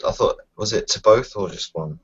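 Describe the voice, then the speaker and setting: A man's voice: lowish voice, normal speed, slightly rough. A man playing a tabletop game, unsure and hesitant, thinking aloud about his moves. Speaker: player. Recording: dull lo-fi home recording.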